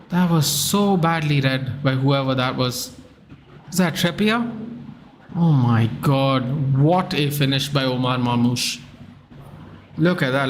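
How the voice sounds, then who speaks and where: A man's voice: fairly high pitch, a little hiss or hum. Chatty man streaming a match watchalong. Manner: chatty, reads out viewer comments, excitable at goals. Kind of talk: casual live match commentary and chat.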